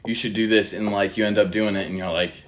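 A man's voice: on the low side, steady tone, quick pace. A young man co-hosting a casual faith podcast, joking around and acting out quoted voices in little skits. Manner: jokey, acts out quoted voices. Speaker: podcast co-host.

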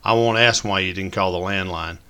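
A man's voice: low voice, fairly quick, pushed and bright, clean tone. A man reading a story, voicing an upbeat, playful wife and mother. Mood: cheerful. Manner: cheerful and teasing.

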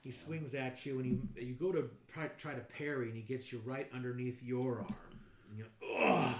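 Male game master, mid-pitched, narrates fights with relish, echoey room and a faint hiss. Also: brisk. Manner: animated, acts out sound effects and blurts out enemy lines. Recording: roomy echo, faint noise.

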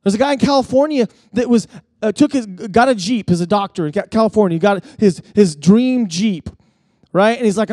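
Pastor guy preaching, fairly high voice, mellow tone, chatty and stumbly, gets fired up telling stories. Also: brisk, no room sound, clean studio sound. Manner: conversational with frequent restarts and stammers; animated storytelling, rising intensity at key points. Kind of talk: sermon.

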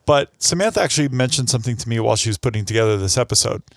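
A man co-hosts a podcast, talking candidly and a bit rambling. His voice sits at an ordinary middle pitch and is recorded dry and close. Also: animated, rapid-fire, no room sound. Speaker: podcast co-host. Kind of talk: casual chat.

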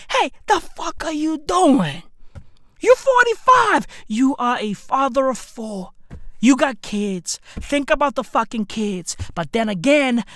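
A woman, delivering a profane comedic rant full of slang that bursts into shouting. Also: on the high side, no room sound, clean studio sound. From South Africa.

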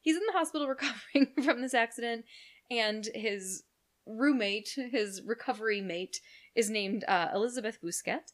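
A woman's voice: a little high, moderate pace. A woman co-hosting a podcast, telling a true crime story in casual, profane, joking chat. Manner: chatty, profane, jokey storyteller.

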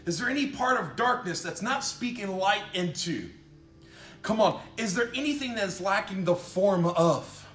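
Man, preacher, fiery sermon, emphatic and repetitive, high voice, roomy echo. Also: animated, moderate pace. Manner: fiery, emphatic, repeats phrases, shouts of "come on". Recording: echoey room with faint music behind.

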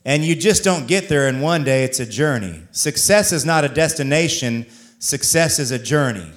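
A male pastor preaching a sermon, reading scripture aloud in a measured cadence and driving points home with repeated rhetorical questions. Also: fairly high pitch, lively intonation.

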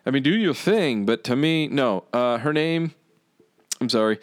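A man's voice: medium pitch, animated, unhurried, clear, resonant tone, no room sound, studio quality. A man hosting a podcast in crude, easygoing banter, laughing often and swearing casually. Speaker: podcast host.

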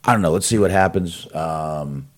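A man with a deep, low voice co-hosts a podcast over a video call. He talks loosely and profanely, wanders between thoughts and fills the gaps with "um" and "uh.". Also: moderate pace. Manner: loose and profane, rambling with fillers. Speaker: podcast co-host. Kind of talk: casual chat.

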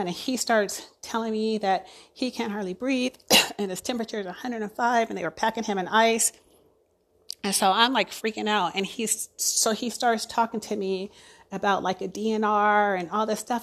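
A woman and ICU nurse giving an emotional, halting personal account, full of fillers and restarts. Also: mid-range voice, fairly even intonation. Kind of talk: personal testimony.

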